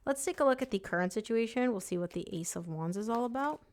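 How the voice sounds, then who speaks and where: A woman's voice: fairly high pitch, animated, fast talker. A woman giving a casual tarot reading, talking emphatically and often voicing her listener's thoughts. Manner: chatty, emphatic, voices the client's thoughts. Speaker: tarot reader.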